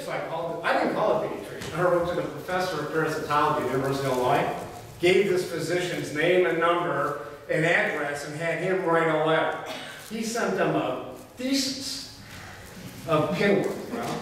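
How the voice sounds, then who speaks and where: A middle-aged man teaching a veterinary technology class, telling folksy, colloquial anecdotes in an animated way. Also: on the high side, a little fast. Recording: echoey hall, voice from far off, faint noise.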